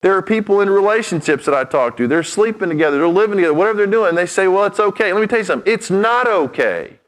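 A male pastor delivering a sermon in a direct, emphatic way. He moves between reading scripture and speaking plainly to his listeners. His voice sits a little higher than most men's. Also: racing, poor audio. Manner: direct, emphatic preaching with conversational asides.

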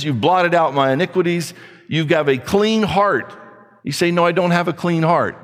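A man preaching an earnest sermon, slowing down when he reads scripture aloud. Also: fairly high pitch. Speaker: pastor. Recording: long hall reverb.

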